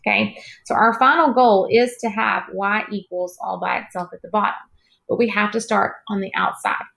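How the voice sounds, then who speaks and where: A woman math teacher recording a lesson late at night, her voice tired, clearing her throat now and then, patient and reassuring with her students. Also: medium pitch, fairly even intonation, normal speed, fairly bright tone.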